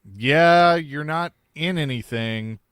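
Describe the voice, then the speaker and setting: Smooth-voiced sports radio host. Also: male voice, a little high, fairly bright tone, dry recording. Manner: reads listener texts, brisk and opinionated.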